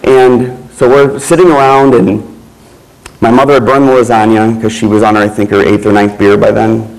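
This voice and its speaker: A man giving a keynote speech, telling a personal story in a slow, measured way with pauses. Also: lowish voice, little pitch movement, creaky, poor audio. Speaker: keynote speaker.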